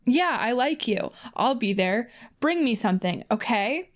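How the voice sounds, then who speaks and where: A woman's voice: fairly high pitch, lively intonation, measured pace. A woman voicing a bratty, demanding teenage boy aristocrat who whines and bosses people around. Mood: playful. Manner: spoiled, whiny and bossy.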